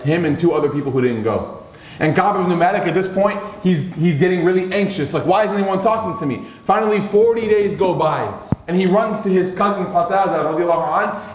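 A man preaching a sermon, telling a story with animation and his voice climbing high when he acts out pleading lines. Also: a little mellow, echoey room.

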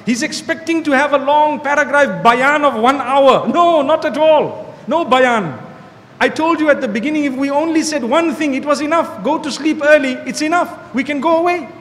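A man delivering a sermon in a high, bright register, his voice ringing out with a long hall reverb. He talks in an animated way and drives points home by repeating short phrases. A faint room hum sits behind him. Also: normal speed. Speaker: preacher. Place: hall with an audience.

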